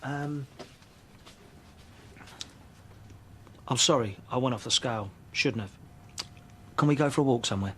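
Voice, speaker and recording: A man's voice: medium pitch, very fast, slight background noise, natural voice. An actor playing a blunt, sarcastic father who argues with his wife. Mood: awkward apology.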